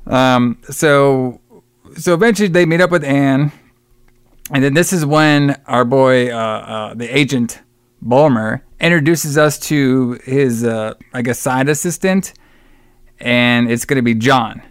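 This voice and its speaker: A man's voice: medium pitch, unhurried, smooth, no echo, clean studio sound. A man co-hosting a podcast, rambling through a film plot with lots of swearing and mock voices for the characters. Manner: profane, rambling retelling with mocking quoted voices. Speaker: podcast co-host. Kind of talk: casual film review chat.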